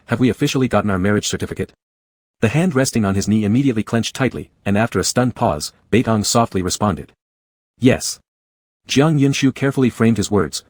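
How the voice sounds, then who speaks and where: A man narrating a story in a steady, scripted reading. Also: lowish voice, no room sound, studio quality.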